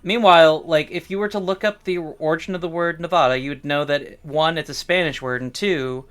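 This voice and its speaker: Bright, crisp-voiced Midwestern man chatting. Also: a little high, steady tone, brisk, faint music behind. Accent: Midwestern American. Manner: chatty, musing, drifts into playful put-on accents. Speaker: streamer. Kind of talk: casual chat on a livestream.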